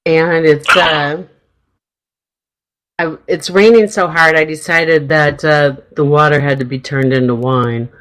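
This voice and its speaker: A middle-aged woman hosts a radio talk show with a low, slightly hoarse voice. She rambles cheerfully, laughing as she goes, in loose casual chat. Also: fairly even intonation, unhurried, fairly bright tone, rough recording. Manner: chatty, rambling, laughs often. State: throat tickle, slightly hoarse.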